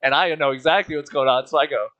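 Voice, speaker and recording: A man's voice: fairly high pitch, fast talker, a bit bright, muffled recording. Laughing young man telling stories. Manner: laughs often, acts out voices in his stories. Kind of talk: casual storytelling chat.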